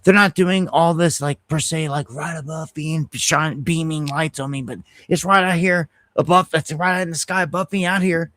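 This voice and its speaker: A man's voice: on the high side, normal speed, few pauses, no room sound. Fired-up man ranting on a livestream. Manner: animated storytelling, heated and ranting, with frequent restarts. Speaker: host of an independent news livestream. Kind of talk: casual livestream monologue.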